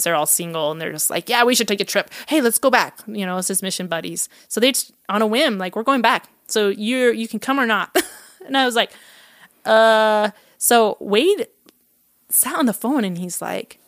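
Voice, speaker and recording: A woman tells a personal story in a relaxed, conversational way. She brings the dialogue to life, jumping up in pitch for the quoted lines. The sound is dry and close, with no room echo. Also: normal speed. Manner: lively, acts out quoted dialogue with laughs. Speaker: guest telling her adoption story. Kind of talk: casual storytelling.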